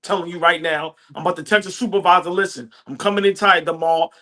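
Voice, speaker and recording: A man co-hosting a sports podcast, celebrating a win with boastful, animated talk and frequent laughter. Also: sits high, fast talker. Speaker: podcast co-host. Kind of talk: excited post-game sports talk.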